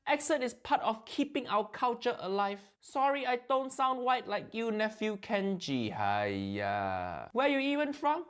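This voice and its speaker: A comedian voicing a brash middle-aged Malaysian uncle with a Malaysian accent, clipped broken-English grammar and slang exclamations. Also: male voice, very animated, a little slow, hardly any pauses, smooth, full character voice. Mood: mocking. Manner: mocking, swings between loud outbursts and low grumbles.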